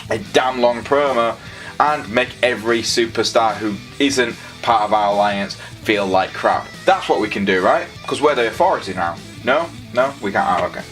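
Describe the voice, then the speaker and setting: A man's voice: mid-range voice, a bit bright. A man giving a casual, sarcastic and rambling review of a wrestling show.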